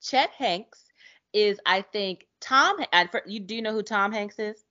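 Woman co-host, excitable and slangy, casual chat, dull lo-fi recording. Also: mid-range voice, a little slow. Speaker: podcast co-host. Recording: dull lo-fi sound.

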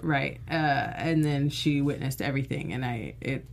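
A woman's voice: very deep voice, normal speed, vocal fry, slight background noise. A woman co-hosting a casual TV recap chat, enthusiastic and emphatic, laughing often. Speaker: podcast co-host.

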